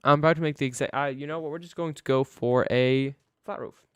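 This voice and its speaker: Guy streaming a build, rambling to himself, smooth clean voice, dry close mic. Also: medium pitch, fairly even intonation, fairly quick, a bit bright, dry recording. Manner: chatty, thinks aloud, talks to himself. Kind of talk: casual live-stream chat while building.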